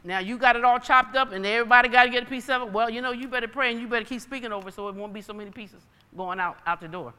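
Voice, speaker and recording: A woman's voice: fairly high pitch, rapid-fire, few pauses, pushed and bright, clear, resonant tone, big-room sound. A woman preacher giving a sermon with personal testimony, emphatic and folksy in her storytelling.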